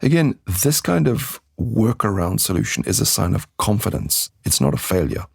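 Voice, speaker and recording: A man with a very low, gravelly voice teaches English in a podcast lesson. He speaks with a husky edge and acts out example phrases to demonstrate intonation. The recording is dry and close. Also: sing-song, normal speed, no room sound.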